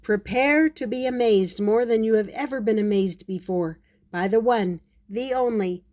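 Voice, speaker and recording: A woman's voice: a little high, normal speed, mellow, voice pushed up, lightly acted. An older woman voicing a polite, eager young male bear in a storybook reading. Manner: earnest and very polite.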